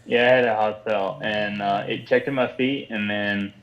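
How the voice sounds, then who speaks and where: Male guest, mild Southern accent, low voice, relaxed chat over a video call. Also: normal speed, dull audio. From Virginia. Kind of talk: casual livestream chat.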